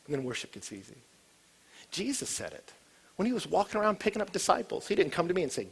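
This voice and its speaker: A man preaching a sermon, animated and storytelling, who swings from loud excited bursts to hushed, intense low passages. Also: fast talker, pauses often, slightly rough.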